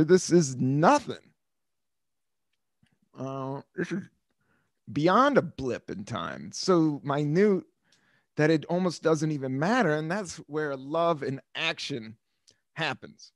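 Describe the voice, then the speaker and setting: A man's voice: fairly high pitch, lively intonation, slow pace, pauses often, dry recording, clean studio sound. An American man in his fifties hosting a podcast, rambling through stories in a casual monologue, swearing freely and laughing often. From United States. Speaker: podcast host.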